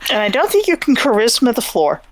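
A woman's voice: on the high side, huge pitch swings, a little fast. A woman playing a tabletop game, adding joking asides. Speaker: player.

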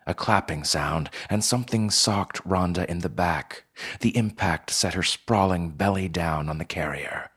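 Male narrator, deep and husky, measured unhurried read. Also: a bit bright. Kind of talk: scripted narration.

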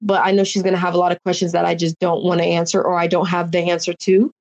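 A woman's voice: on the low side, little pitch movement, fast, a little mellow. Young woman telling an emotional story. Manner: emotional, rambling, filler-heavy storytelling. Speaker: reality show contestant, guest. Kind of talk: casual interview chat.

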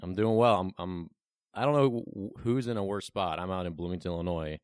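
A young man hosts a casual podcast interview, his voice very low and smooth. The sound is dry and close, and he ribs his guest with easy joking banter. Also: fairly quick, a little mellow, dry recording. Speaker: podcast host. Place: Bloomington, Illinois, remote call.

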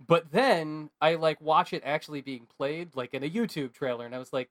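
Rambling, animated man chatting casually. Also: on the high side, brisk. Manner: rambling, animated, heavy use of filler words. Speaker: podcast co-host. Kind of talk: casual chat.

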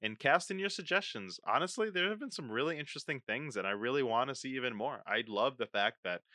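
A man co-hosting a podcast in casual chat, with a bright, forceful tone. His pitch swings a lot as he jokes and races through plugs. The sound is close and dry. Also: lively intonation, no echo. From Puerto Rico. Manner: jokey, playful, rapid plugs. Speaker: podcast co-host.

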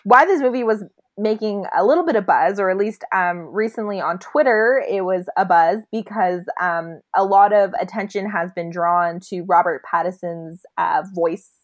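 A woman chats about a film on a podcast. She talks in loose, rambling runs full of fillers and restarts, at an ordinary pitch. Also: moderate pace. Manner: chatty, many fillers and restarts. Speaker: podcast co-host. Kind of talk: casual movie discussion.

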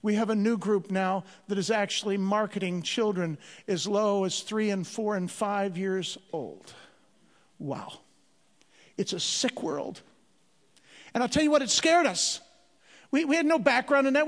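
A man's voice: high-pitched, moderate pace. A man who is a Christian missionary tells his story to an audience in an earnest way, often repeating words as he presses a point. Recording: long reverb of a large hall.

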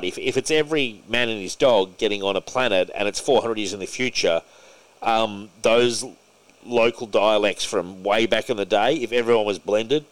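A man's voice: on the low side, no echo, poor audio. A man hosting a podcast in casual chat, laid-back and hesitant with frequent ums. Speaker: podcast host.

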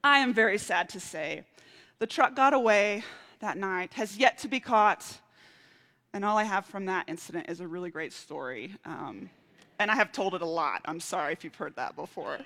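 Woman preaching in a reverberant hall. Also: medium pitch. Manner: lively storyteller, animated quoted outbursts. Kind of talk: sermon with personal story.

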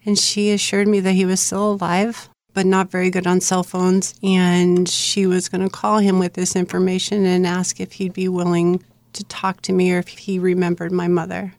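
A middle-aged woman, an author guest on an interview show, earnestly recounting her own life story in plain, steady narration. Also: on the low side, moderate pace, no room sound.

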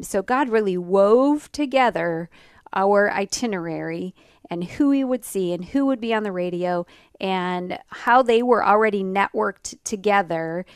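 A woman co-hosting a radio talk show, speaking reflectively with pauses and ums. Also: medium pitch, clean tone, dry recording, studio quality.

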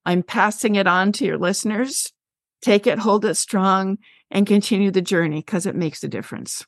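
Interviewed on a podcast, a health teacher in her sixties with long experience shares classroom stories, speaking passionately and stressing key points. Her mid-range voice moves at normal speed in a clean, echo-free studio recording.

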